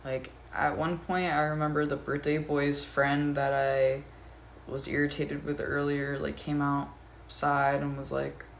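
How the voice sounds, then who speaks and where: Gravelly young woman telling a story. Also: low voice, slight background noise. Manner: profane, rambling, laughing. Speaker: storyteller vlogger. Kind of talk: casual storytime.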